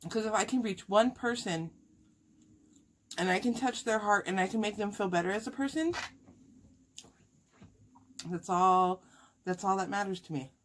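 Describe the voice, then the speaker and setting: A woman talking casually and heartfelt to her viewers while eating, emotional and sighing at times. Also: mid-range voice. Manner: talks with food in her mouth. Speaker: mukbang vlogger.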